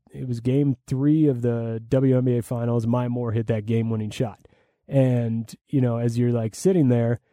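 A man with a deep, mellow voice talks shop with enthusiasm, circling back with fillers and restarts. The sound is dry and close, with no room around it. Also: dry recording. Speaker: play-by-play broadcaster. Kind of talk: conversational interview answers.

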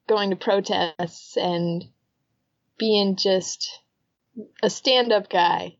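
Slow-talking woman with dull, dry audio. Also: medium pitch, gravelly, dry recording. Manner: chatty, laughs often, recaps plot at length. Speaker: podcast co-host. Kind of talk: casual chat.

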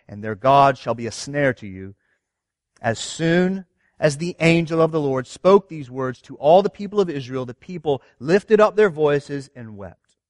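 A man's voice: on the high side, dry recording, clean studio sound. A man preaching a sermon, reading scripture and asking his listeners earnest rhetorical questions. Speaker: pastor.

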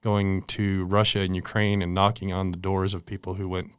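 A forties-something American product manager, appearing as an interview guest, tells chatty stories punctuated by laughter. His voice is low and fairly flat in pitch, delivered at a moderate pace with a clean, echo-free tone.

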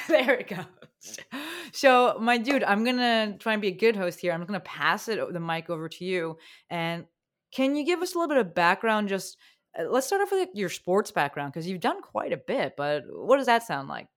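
A woman's voice: mid-range voice, animated, moderate pace. A woman hosting a podcast, talking in an upbeat, slangy, enthusiastic way as she introduces her guest. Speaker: podcast host. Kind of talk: casual podcast chat.

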